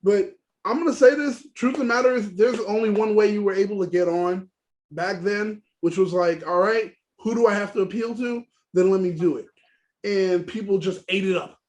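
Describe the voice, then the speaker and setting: A man's voice: high-pitched, moderate pace, a little mellow. A man from Haiti, co-hosting a casual podcast, talking bluntly and animatedly and swearing freely. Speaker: podcast co-host.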